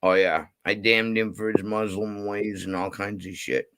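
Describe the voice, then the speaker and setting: A man's voice: fairly low pitch, little pitch movement, moderate pace, fairly bright tone, a little hiss or hum. A man ranting and telling stories in casual chat, profane and rambling, heated at times. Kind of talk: casual storytelling rant.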